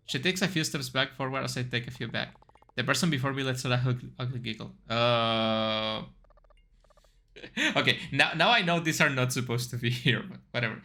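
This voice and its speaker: Male game streamer, bright tone, reads on-screen text and reacts out loud. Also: mid-range voice, brisk. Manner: reads aloud, then chats and reacts with yelps. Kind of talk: game playthrough, reading text aloud.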